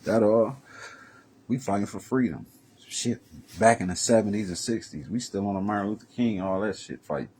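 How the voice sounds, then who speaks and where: A man vlogging a profane, heated street-talk rant that swings from low muttering to loud raised bursts. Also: moderate pace, slight background noise.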